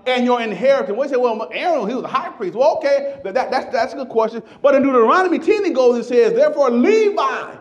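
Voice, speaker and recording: A man preaching a sermon, stumbling over repeated words, then shouting and stretching out scripture lines. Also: very high voice, quick pace, few pauses, dull audio. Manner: animated, shouting scripture with repetitions.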